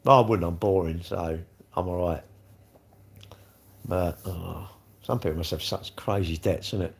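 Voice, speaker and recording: A man's voice: sits low, fairly even intonation, unhurried, creaky. A middle-aged man with a South East London accent, chatting and rambling on a casual live stream, full of tag questions. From England. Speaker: livestream host.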